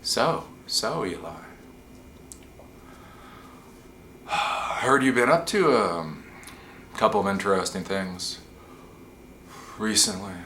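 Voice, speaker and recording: A man putting on the voice of an old male executive who talks slowly and quietly, with long pauses, in a probing way. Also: medium pitch, very animated, slight background noise, voice pushed up.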